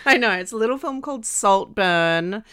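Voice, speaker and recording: A woman's voice: medium pitch, lively intonation, normal speed, bright, forceful tone, clear, resonant tone. A woman co-hosting a casual podcast, enthusiastic and a bit rambling. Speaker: podcast co-host. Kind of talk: casual chat.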